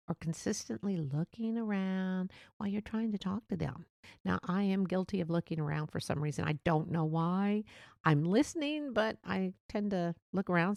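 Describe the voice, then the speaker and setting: A woman hosting a casual solo podcast, talking fast and rambling, laughing between thoughts. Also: lowish voice, creaky, darkish tone, dry recording, clean studio sound. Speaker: podcast host.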